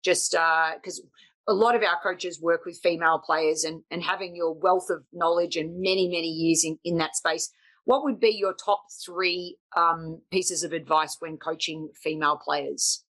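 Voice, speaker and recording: Lively woman hosting a podcast. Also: lowish voice. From Australia. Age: middle-aged. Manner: enthusiastic, quick to laugh. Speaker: podcast host, tennis coach. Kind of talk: casual interview chat.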